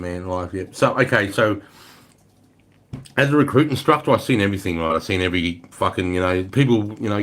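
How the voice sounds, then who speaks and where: Laid-back Australian bloke telling army stories. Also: male voice, low voice. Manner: swears freely, relaxed storytelling. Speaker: livestream host. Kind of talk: casual livestream chat.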